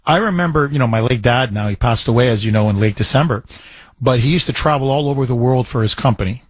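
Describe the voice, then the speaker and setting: A man hosting a talk radio show, telling a story with lively, repetitive phrasing. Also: medium pitch, fast talker, no room sound. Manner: animated storyteller, repeats phrases. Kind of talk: talk radio chat with a caller.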